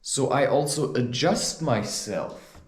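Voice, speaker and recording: A man's voice: medium pitch, takes it slowly, reverberant. A man in a heated, ranting monologue, recounting a confrontation and musing on how he reacts to people. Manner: heated, animated, storytelling. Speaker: spiritual advice vlogger.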